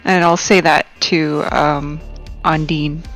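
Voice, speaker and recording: Lower-voiced woman tabletop player. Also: fairly even intonation, slow pace, fairly bright tone, faint music behind. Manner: chatty, describes her character's actions. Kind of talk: tabletop role-play chat.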